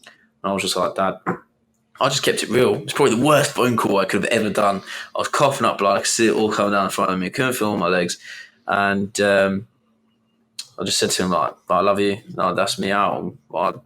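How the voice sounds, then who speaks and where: A young man with a very low voice tells a long personal story on a podcast. He talks casually, rambling and restarting sentences as he goes. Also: a little fast, fairly bright tone. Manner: rambling, restarts and retells with quoted inner thoughts. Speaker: podcast host.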